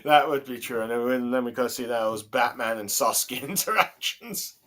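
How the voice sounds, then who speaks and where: A man's voice: mid-range voice, lively intonation, normal speed, fairly bright tone. A man hosting a casual comic review chat, hesitant and full of fillers, chuckling often. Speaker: podcast host.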